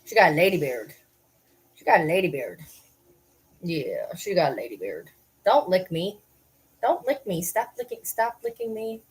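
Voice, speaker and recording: A woman's voice: on the low side, sing-song, moderate pace, long pauses. Woman cooing baby talk at her dogs. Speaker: livestreamer. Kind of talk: casual livestream chat. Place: at home with dogs on her lap.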